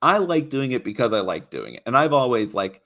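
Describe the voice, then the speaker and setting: A young man talking as a guest in a casual chat, animated and expressive, laughing often. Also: medium pitch, brisk. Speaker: guest, YouTube creator on tabletop games.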